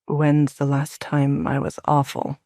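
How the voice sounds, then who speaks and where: A woman plays a young male werewolf alpha in an audio drama, protective and sure of himself. The voice sits very low for her and is firm and steady, close and dry with no room sound. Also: slow, no echo. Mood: earnest, firm.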